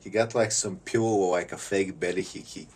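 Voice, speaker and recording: A man giving a rambling comedic monologue. He repeats words and often clears his throat. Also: sits low, steady tone, moderate pace, a little mellow, far from the mic.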